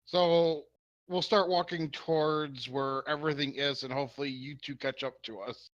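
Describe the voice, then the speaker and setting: Brisk, decisive man playing a tabletop game. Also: on the high side, steady tone, muffled recording. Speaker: player. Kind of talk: casual tabletop game play.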